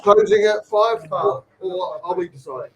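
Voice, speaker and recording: Man, co-host, easygoing banter, somewhat high voice, crowd sounds behind. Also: normal speed, rough recording. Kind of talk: casual live stream chat.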